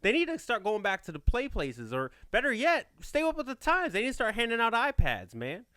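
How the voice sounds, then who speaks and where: Animated young man hosting a podcast. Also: very high voice, a little fast, dry recording, clean studio sound. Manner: animated, joking storyteller with slangy talk. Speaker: podcast host. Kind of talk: casual podcast chat.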